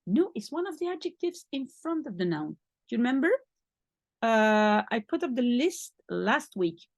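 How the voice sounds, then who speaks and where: A woman's voice: on the high side, very animated, moderate pace, no echo, studio quality. A woman teaching a French lesson in English, explaining patiently step by step and spelling out each French word. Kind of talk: language lesson.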